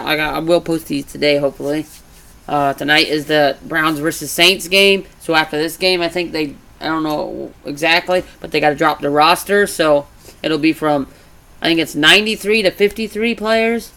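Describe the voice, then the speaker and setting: A man casually chatting in a vlog, rambling with restarts and growing animated as he retells stories. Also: a little high, normal speed. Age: adult. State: congested from allergies. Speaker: vlogger. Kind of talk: casual chat.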